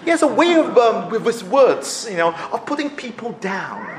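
A man's voice: high voice, moderate pace, background noise. A man preaching a sermon, acting out quotes with laughs. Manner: animated, acts out quotes with laughs. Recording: echoey room.

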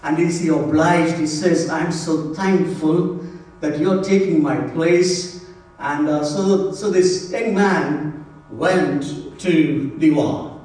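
Male pastor, high voice, slow repeated emphasis, heard from afar in a very roomy church. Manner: emphatic, repeats key phrases, drops to hushed tones. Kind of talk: Good Friday sermon. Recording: roomy church sound from a distance.

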